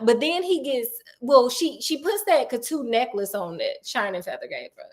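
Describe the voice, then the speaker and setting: Woman, book recap host; playful, animated storyteller with a slightly higher voice. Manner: animated, acts out characters' lines in quick asides; playful and sassy.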